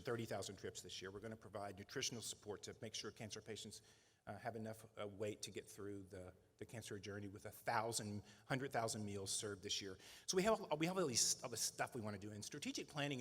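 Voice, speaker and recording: A man's voice: fairly low pitch, a bit bright. A middle-aged man leading a nonprofit, giving a conversational, earnest speech at a fundraising breakfast and often adding "right?" as an aside. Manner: conversational and earnest, with frequent "right?" tag questions. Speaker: nonprofit leader addressing donors. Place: large event hall. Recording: reverberant banquet hall.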